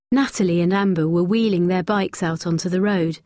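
A woman narrating a graded-reader story slowly, clearly and expressively. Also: on the low side, warm tone, no echo, clean studio sound.

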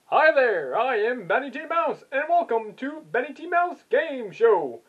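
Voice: sits high, big pitch swings, measured pace, husky, phone-quality sound, pitched above the performer's own voice, exaggerated voice. A puppeteer voicing a perky cartoon mouse who hosts a game show, in an upbeat, emcee-style way. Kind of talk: puppet blooper reel.

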